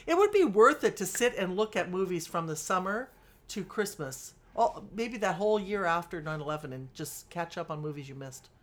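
Emphatic, animated woman co-host. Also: on the low side, normal speed. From California. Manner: emphatic and animated, laughs often, swears. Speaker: podcast co-host. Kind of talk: casual chat.

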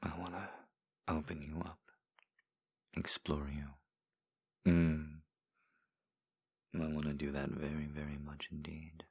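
A man in a whispered role-play, giving slow, coaxing encouragement with repeated phrases in a deep, husky whisper. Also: little pitch movement. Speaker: intimate audio performer.

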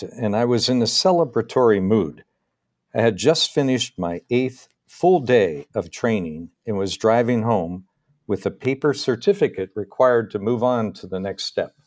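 A middle-aged man from the northeastern US, reading a personal story aloud in a measured, unhurried way with small pauses. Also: mid-range voice, darkish tone.

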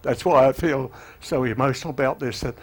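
A man in his eighties preaching a sermon, halting with fillers and restarts, often emotional, and growing louder and higher as he urges repentance. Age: 80s. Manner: rises in pitch and volume when urging repentance.

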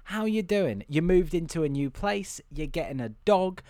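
A man hosts a podcast in loose, bantering chat. His voice sits a little high and his teasing often runs into laughter. The recording is dry and close, with no room echo. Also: lively intonation, moderate pace, mellow. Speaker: podcast host. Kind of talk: casual chat.

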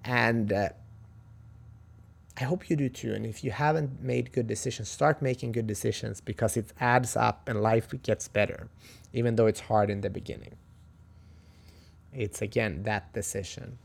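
A man's voice: on the low side, moderate pace, creaky, slightly rough. A man from Sweden with a Swedish accent, telling a travel story as a podcast host in a chatty, motivational way with frequent restarts. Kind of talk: casual storytelling monologue.

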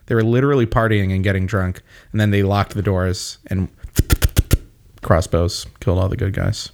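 A man's voice: low-pitched, steady tone, normal speed, creaky, a little mellow. A man chatting casually, rambling and swearing freely, often laughing as he explains things. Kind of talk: casual chat.

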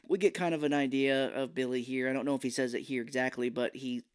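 A man co-hosting a film podcast in casual chat, retelling scenes with quick impressions. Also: mid-range voice, fairly even intonation, clear, resonant tone. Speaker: podcast co-host.

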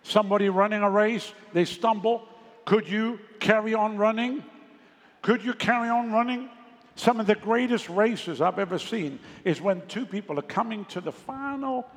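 A man's voice: sits high, moderate pace. A pastor preaching a sermon, emphatic and calling on his congregation for responses. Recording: long reverb of a large hall.

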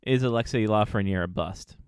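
Swearing rambling podcast host, smooth voice. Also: male voice, fairly low pitch, a little fast. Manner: swears freely, rambling with fillers. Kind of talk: casual sports chat.

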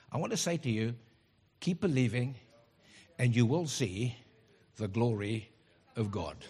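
Middle-aged pastor guy preaching, high husky voice, lively with little jokes. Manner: animated preaching with joking asides. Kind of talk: sermon.

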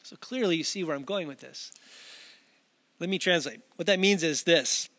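High-pitched guy preaching at a camera, chatty and earnest, lots of restarts. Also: normal speed, pushed and bright. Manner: conversational and earnest, with frequent restarts and asides. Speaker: pastor. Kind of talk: sermon delivered to a camera.

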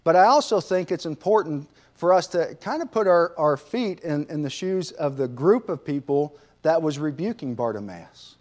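A man's voice: on the high side, animated, normal speed, few pauses, a little mellow. A man teaching a sermon lesson in a conversational way, asking his listeners rhetorical questions. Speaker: preacher.

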